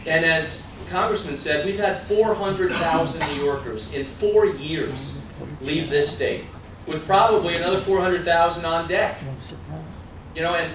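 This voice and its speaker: This man's high voice comes through a little hiss or hum, captured far away in a very echoey room. He is a political candidate giving a forceful stump speech at a party meet-and-greet, peppering the crowd with rhetorical questions and asides.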